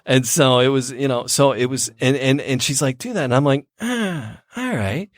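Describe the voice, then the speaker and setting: A man's voice: medium pitch, level tone, brisk, no echo, clean studio sound. A man hosting a casual podcast, telling stories with lots of fillers and restarts, joking crudely with his co-host. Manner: rambling storyteller, many fillers and restarts. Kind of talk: casual chat.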